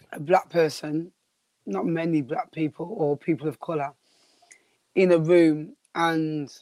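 A woman's voice: on the low side, a little mellow, no echo. Dry-sounding woman firmly disagreeing. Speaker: discussion panelist. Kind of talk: casual debate.

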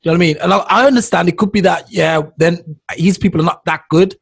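A man hosting a casual chat, talking quickly and informally. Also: high-pitched, steady tone, creaky.

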